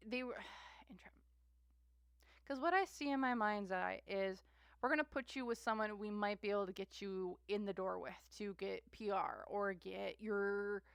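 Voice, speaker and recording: Gravelly-voiced woman doing a tarot reading. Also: mid-range voice, no room sound. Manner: rambling, repeats herself, frequent fillers and trailing-off sentences. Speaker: tarot reader. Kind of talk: casual tarot reading monologue.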